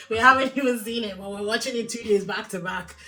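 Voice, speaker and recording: A woman co-hosting a casual film review chat, animated and opinionated, often laughing. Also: fairly high pitch, normal speed. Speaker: podcast co-host.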